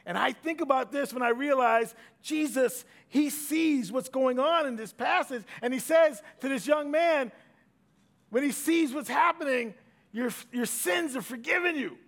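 A middle-aged man preaching a sermon, swinging from loud emphatic bursts to hushed asides. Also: very high voice, measured pace. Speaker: pastor.

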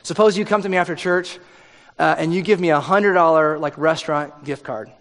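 Pastor, male, casual joking sermon delivery, slightly higher voice, long church-hall reverb. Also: a little fast, a bit bright. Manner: conversational and joking, acts out quoted voices.

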